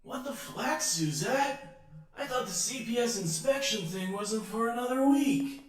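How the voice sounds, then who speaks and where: A man voicing a laid-back, shifty slacker husband in a video game, talking in a slow drawl. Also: extremely high pitch, animated, roomy sound, rough recording.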